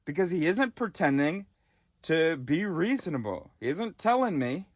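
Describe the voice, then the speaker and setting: A man's voice: on the high side, big pitch swings, moderate pace, dry recording, clean studio sound. Exasperated, swearing man ranting. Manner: profane, exasperated, emphatic. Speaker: vlogger. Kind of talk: ranting monologue. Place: car.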